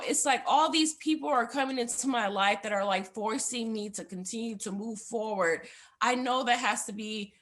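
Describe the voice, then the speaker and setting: A woman's voice: a little high, pushed and bright. A young woman, a guest on the show, giving a heartfelt personal testimony in a rambling way, full of fillers.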